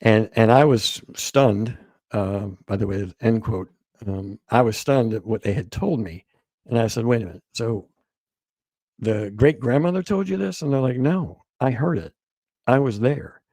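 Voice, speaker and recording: A man recounting events as a guest, halting and repeating words as he quotes what others told him. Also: mid-range voice, a little mellow, dry recording. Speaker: guest author. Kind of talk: storytelling interview.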